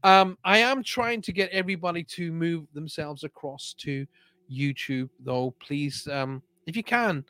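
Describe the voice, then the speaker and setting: A man's voice: a little high, measured pace, sharp tone, smooth, no echo. A man hosting a live-streamed show, chatting casually and reading out viewer comments in an upbeat way.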